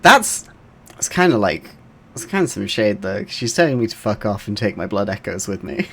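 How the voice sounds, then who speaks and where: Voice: low-pitched, normal speed, husky. A streamer chatting casually and joking with friends while playing a game. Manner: lively and joking, with frequent laughs.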